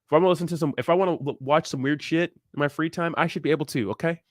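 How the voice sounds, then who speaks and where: A man's voice: fairly high pitch, rapid-fire, no echo, clean studio sound. A young man from Southern California hosting a crypto livestream, chatting casually and crudely, joking and laughing as he reads viewer comments.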